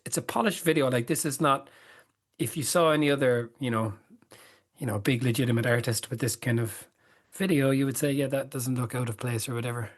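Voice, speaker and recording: A man's voice: mid-range voice, fairly quick. A middle-aged man co-hosting a casual chat, laid-back with dry quips. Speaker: podcast co-host.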